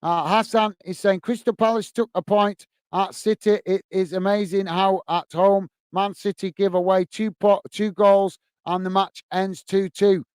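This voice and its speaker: A man hosts a casual football live stream and reads out viewer messages one by one. His voice sits fairly high and comes through smooth and close on a dry mic. He thanks everyone warmly and calls each viewer "mate". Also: little pitch movement, measured pace, hardly any pauses, dry recording. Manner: friendly, repeats thanks and "mate" often. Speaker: football fan channel host reading live chat.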